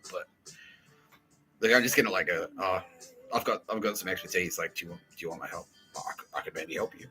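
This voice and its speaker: A low-pitched man hosts a foul-mouthed comedy podcast, his delivery bright and forceful. He laughs often and slips into mocking impressions with swooping pitch. Faint music plays underneath. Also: low-quality recording. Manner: swears a lot, mimics people in quoted asides, laughs often. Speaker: podcast host. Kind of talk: crude comedic podcast banter.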